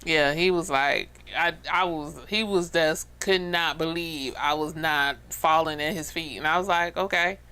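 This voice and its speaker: A woman's voice: sits low, a little slow, hardly any pauses, sharp tone. A woman co-hosting a casual radio podcast, telling stories bluntly and sassily and acting out the dialogue. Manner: blunt, sassy storyteller who acts out dialogue. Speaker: radio show co-host.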